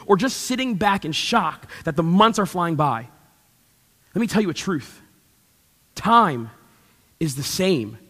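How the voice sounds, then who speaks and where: A young man preaching from a church stage, his voice pitched high and ringing bright. He tells animated stories with playful asides to the congregation, and the sound hangs in a long hall reverb. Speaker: pastor. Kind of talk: sermon.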